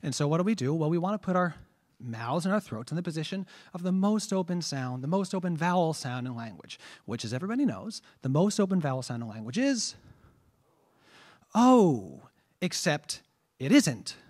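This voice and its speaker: A man's voice: on the high side, big pitch swings, fairly quick, a little mellow. A man teaching a trombone masterclass, explaining breathing with rhetorical questions and demonstrated vowel sounds. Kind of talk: masterclass lecture.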